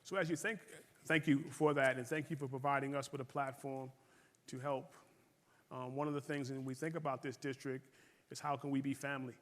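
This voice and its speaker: Brisk, flat-toned male interviewer. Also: medium pitch. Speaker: interview host. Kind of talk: interview conversation. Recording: long hall reverb.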